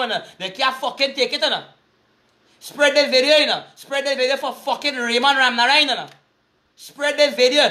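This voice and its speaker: A man's voice: very high voice, bright, forceful tone. A man with a Trinidadian accent ranting angrily in a profane, repetitive video monologue, with faint music behind him.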